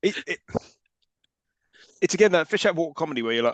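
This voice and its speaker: A man riffs quickly on old films with his co-host, wry and often stumbling over restarts. He talks fast in a slightly high voice. The recording is dry and close. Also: lively intonation, a bit bright, dry recording. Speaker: podcast co-host. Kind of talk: casual film review chat.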